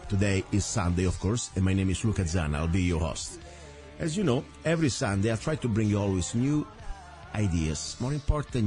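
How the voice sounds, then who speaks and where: A man's voice: on the low side, darkish tone. A man from Italy with an Italian accent, hosting a talk radio show in an earnest, rambling way with frequent self-corrections. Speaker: radio host.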